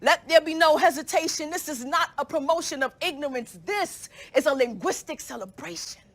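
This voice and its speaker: A young woman performs spoken word poetry in a very high, bright voice. She delivers her lines with rhythm and rhyme, pressing hard on key words. It sounds like a student poet on stage. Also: moderate pace. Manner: rhythmic, rhyming, emphatic delivery.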